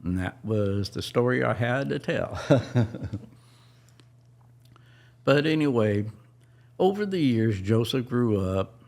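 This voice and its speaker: A middle-aged man tells a personal story on a podcast in a halting, emotional way, often restarting his sentences. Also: medium pitch, lively intonation, gravelly, a little mellow.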